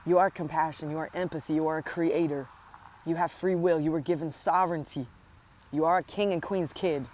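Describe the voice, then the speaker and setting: A woman's voice: deep voice, fairly even intonation, fairly quick, a little mellow, a little hiss or hum. A woman giving an inspirational spiritual talk, speaking earnestly and affectionately to the listener and repeating phrases for emphasis. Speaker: spiritual coach.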